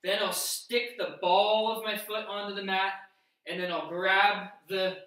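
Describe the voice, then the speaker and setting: A man talks through a workout as he demonstrates each move, explaining it step by step. His voice is bright and fairly high, and it sits back from the mic in a very echoey room. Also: fairly even intonation, measured pace, distant mic. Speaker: fitness instructor. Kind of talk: instructional workout demo.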